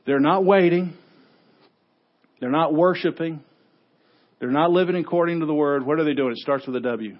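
A man pastor delivering a sermon, telling stories animatedly and moving between quiet points and loud exclamations. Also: fairly high pitch, lively intonation, fairly quick, muffled recording.

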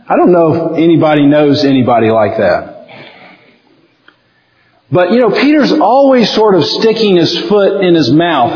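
A pastor from the American South preaches a sermon in a fairly high voice with a darkish tone and a Southern US accent. He tells folksy stories and acts out the quotes he reads, captured on a dull lo-fi recording in a reverberant hall.

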